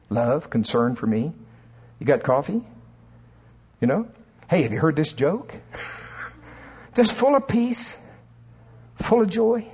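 Husky-voiced male preacher. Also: on the high side. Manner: animated storytelling, laughs often. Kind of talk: sermon. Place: church sanctuary.

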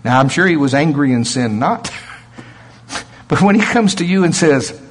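A man's voice: a little high, animated, moderate pace. A man preaching a sermon, emphatic and chuckling often.

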